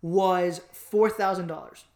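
A man from Miami telling a personal story in a casual podcast chat, animated and joking, with lots of fillers. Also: high-pitched, slow, vocal fry. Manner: animated, joking, acts out voices, many fillers. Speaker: podcast co-host.

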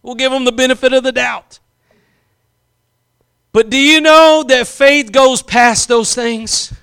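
A man's voice: extremely high pitch, unhurried, sharp tone, clear, resonant tone. A man preaching a sermon, impassioned, drawing out key phrases for emphasis and acting out quotes.

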